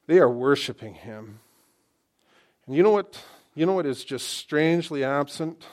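A middle-aged man preaching a sermon in an animated, excitable, conversational way, often restarting his sentences. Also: a little high, moderate pace, pauses often.

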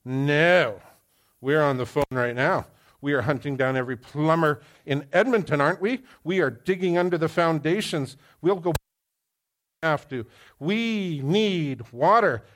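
A man, a pastor preaching a sermon to a live congregation, telling stories with lively swings in his voice and quizzing his listeners. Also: on the high side, normal speed. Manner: animated storyteller who quizzes the congregation. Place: church hall with live audience.

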